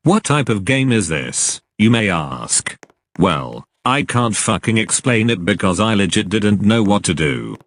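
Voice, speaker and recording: Angry, profane storytime narrator; lower male voice. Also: animated, a little slow, fairly bright tone.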